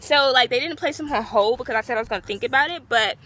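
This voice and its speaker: A young woman from the Gulf Coast of Texas, telling a story in a casual vlog. She rambles, fills her talk with "like" and bursts into excited squeals. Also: sits high, fast. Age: young adult. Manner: chatty and rambling, heavy use of "like". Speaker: vlogger.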